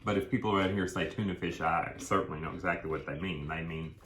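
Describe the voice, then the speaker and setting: A man talks through a meal in a loose, rambling way, chewing between thoughts. His voice sits low, and the room around him rings with echo. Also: quick pace, fairly bright tone, slight background noise. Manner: chatty, rambling, talks with food in his mouth. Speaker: co-host of a food vlog. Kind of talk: casual mukbang chat while eating. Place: indoors at a table, eating. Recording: echoey room.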